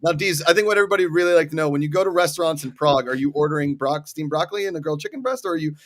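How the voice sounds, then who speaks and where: A man's voice: on the high side, very fast, fairly bright tone. A young man co-hosting a casual chat, joking and rambling with restarts. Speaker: co-host.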